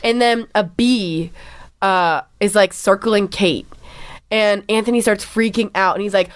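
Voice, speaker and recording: A woman's voice: mid-range voice, moderate pace, dry recording. A young woman co-hosting a casual radio chat, gushing and filling her talk with "like" and "oh my gosh". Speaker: co-host.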